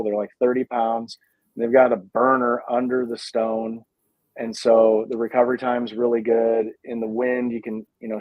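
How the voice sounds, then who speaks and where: A man's voice: medium pitch, no room sound. A man speaking as the guest on a casual video chat, thoughtful and hedging, with plenty of fillers. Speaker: guest, pizza dough company founder. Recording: dull lo-fi sound.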